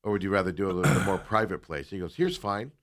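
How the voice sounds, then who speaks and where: Talking very fast in a deep voice, this male talk show co-host recounts a lengthy story casually, vividly impersonating its people and occasionally murmuring quiet asides.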